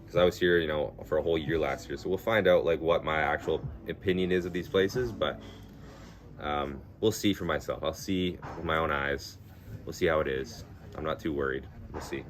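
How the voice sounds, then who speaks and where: Deep-voiced man rambling casually. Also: normal speed. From Canada. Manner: rambling and laid-back, swears freely, laughs through stories. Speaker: livestreamer. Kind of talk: casual chat with stream viewers.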